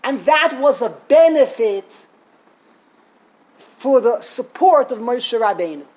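A woman giving a storytelling Torah lesson, animated, acting out quotes and laughing as she tells it. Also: a little high, takes it slowly, poor audio. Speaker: Torah teacher.

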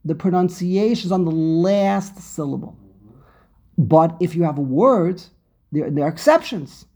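Host, male, breathy voice, animated storyteller on a video call mic. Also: fairly high pitch, measured pace. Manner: animated storyteller, laughs often. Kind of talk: casual conversation.

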